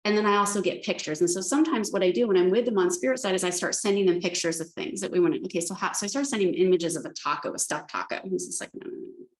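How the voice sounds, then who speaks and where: A woman's voice: medium pitch, rapid-fire, few pauses. Chatty woman in an echoey room. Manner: chatty storytelling with restarts. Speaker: animal communicator. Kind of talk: spiritual talk.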